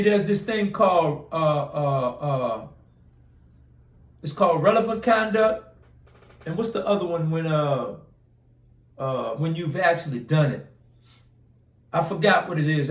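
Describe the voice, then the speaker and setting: A man's voice: a little high, reverberant, distant mic, poor audio. A man telling a long personal story in a casual interview, rambling with restarts and acting out quoted dialogue. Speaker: interview guest.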